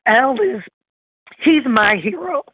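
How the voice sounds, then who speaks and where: A woman's voice: high voice, big pitch swings, slow, fairly bright tone, husky, dry recording. A woman guest in a podcast interview, heartfelt, grateful and emotional, over a dull lo-fi remote line. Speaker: interview guest, kidney donor.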